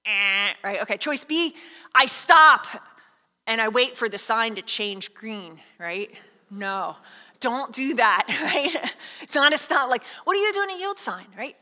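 A woman pastor preaches in a high, bright voice, talking through her sermon in a loose, conversational way full of asides and little stories. The sound rings with the long reverb of a big church hall. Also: unhurried. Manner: conversational, lively storytelling with many asides.

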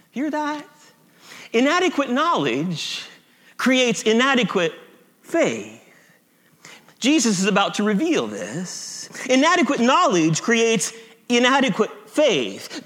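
A man's voice: very high-pitched, fairly bright tone. A man preaching a sermon, emphatic and repeating his key phrases, often chuckling at himself. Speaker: pastor.

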